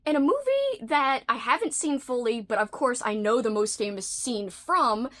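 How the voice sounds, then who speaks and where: A woman's voice: on the high side, expressive, moderate pace, fairly bright tone. A woman hosting a casual vlog, chatting in a playful, talkative way and slipping into whispered asides now and then. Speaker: video host.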